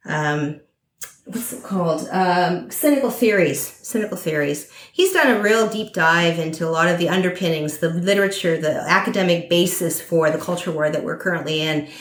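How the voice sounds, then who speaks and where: A woman's voice: fairly low pitch, normal speed, fairly bright tone. Echoey, hesitant woman discussing politics. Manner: thoughtful, hesitant, many fillers and restarts. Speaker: podcast guest. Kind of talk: political conversation.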